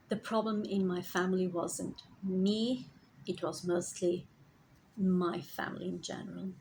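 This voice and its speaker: A woman speaks in a slow, unhurried way as a spiritual healer sharing her own journey. Her mid-range voice carries a gravelly edge, and she often softens into a near whisper. Faint hiss sits under the recording. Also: medium pitch, low-quality recording. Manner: reflective, slow, sometimes drops to a whisper. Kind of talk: personal storytelling vlog.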